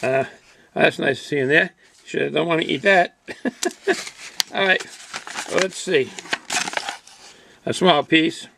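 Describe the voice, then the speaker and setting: A man's voice: on the high side, a little slow, creaky, long pauses, background noise. An older man reviewing a beer and snack at home, reading a package blurb aloud and then chatting loosely while he chews. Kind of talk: casual home video review.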